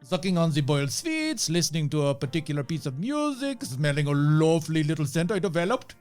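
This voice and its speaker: An actor playing an eccentric, playful German mad scientist with a put-on German accent and broken grammar. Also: male voice, fairly high pitch, sing-song, brisk, darkish tone, faint music behind. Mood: sheepish. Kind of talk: comedic audio drama.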